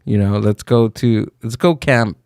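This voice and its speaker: A man's voice: fairly low pitch, unhurried, darkish tone, clean tone, dry recording, clean studio sound. A man co-hosting a podcast, talking in a laid-back, musing way during casual chat. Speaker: podcast co-host.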